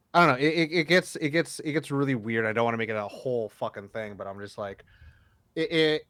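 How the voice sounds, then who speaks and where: A man's voice: mid-range voice, a bit bright, dry recording. A man co-hosting a podcast in casual chat, rambling and swearing as he acts out what people said to him. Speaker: podcast co-host.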